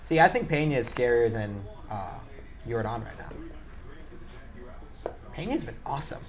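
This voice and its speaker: A man's voice: mid-range voice, expressive, measured pace. A man co-hosting a casual watch-along chat, chatty and opinionated. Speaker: co-host.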